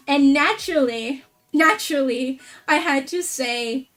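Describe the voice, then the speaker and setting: A woman VTuber streamer chatting casually, excitable and rambling, with a lot of "like" fillers. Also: sits high, moderate pace, distant mic, faint music behind. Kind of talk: casual stream chat recap.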